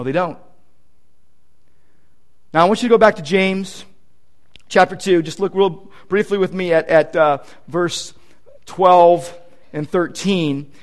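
Male pastor, high voice, earnest and emphatic, stressing key points in a sermon.

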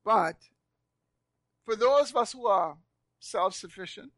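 A high-voiced male pastor delivers a slow, expressive sermon to a live congregation in a church sanctuary, his volume swinging from near-whispers to loud passages. He repeats words and phrases for emphasis, and the recording is close and dry.

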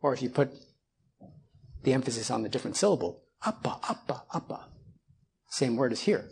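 A man's voice: fairly high pitch, vocal fry, darkish tone, slightly rough. A man in his thirties preaching a sermon as a pastor, building on repeated phrases and putting rhetorical questions to his congregation.

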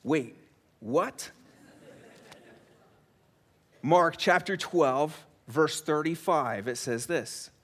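A middle-aged American man preaching from the pulpit, his voice sitting a little higher than most men's. He speaks with a chatty, self-deprecating style, as if talking with his congregation rather than lecturing them. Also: slow, a bit bright. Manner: conversational, self-deprecating humor. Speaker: pastor. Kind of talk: sermon. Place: church sanctuary.

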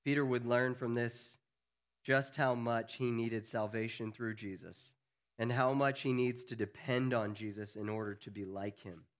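A man preaching a sermon as pastor, earnest, building to emphatic peaks and then dropping low and quiet. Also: fairly even intonation, normal speed.

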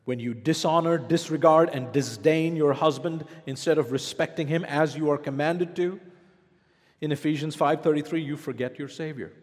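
A man's voice: fairly high pitch, moderate pace, long reverb tail. A man preaching a sermon as pastor, asking the congregation rhetorical questions.

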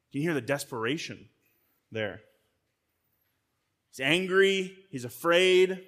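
A man's voice: a little high, animated, unhurried, pauses often, fairly bright tone. A man giving a sermon as a guest pastor. He preaches conversationally, speaks straight to his listeners, and often repeats words as he restarts. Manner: frequent word repeats and restarts.

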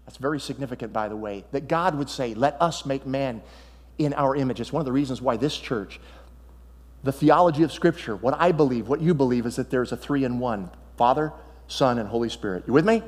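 A male pastor preaching a sermon, telling Bible stories in an animated way and swinging between loud, excited passages and hushed ones. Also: medium pitch, brisk, in a large hall.

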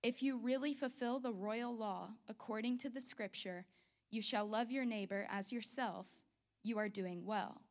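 A woman reading a scripture passage aloud in a measured, formal way. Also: a little high. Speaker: scripture reader.

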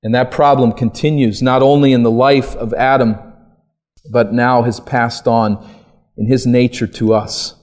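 A man's voice: mid-range voice, steady tone, a little slow, darkish tone. A man preaching a sermon, asking rhetorical questions and building to emphatic peaks.

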